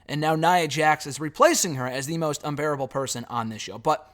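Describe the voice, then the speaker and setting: A man's voice: on the high side, fairly quick, a bit bright. A man giving a casual spoken review of a reality show, blunt and sarcastic, swearing freely as he recaps.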